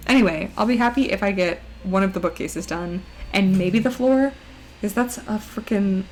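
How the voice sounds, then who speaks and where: A streamer sketches while chatting in a high, mousy, slightly mellow voice at normal speed, teasing herself playfully. Her voice breaks now and then after hours of recording. Some hiss or hum comes through on the low-quality audio.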